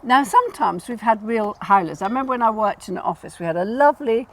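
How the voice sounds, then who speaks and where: A woman's voice: a little high, sing-song, fast. Woman explaining with laughs. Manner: instructive, laughs easily, repeats words for emphasis. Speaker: garden designer and host. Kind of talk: casual explanatory chat.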